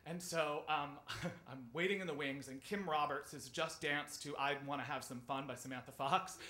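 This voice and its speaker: A man's voice: a little high, moderate pace, bright, forceful tone. A man telling a personal story on stage in a conversational way, with filler words and laughs, acting out the people in it.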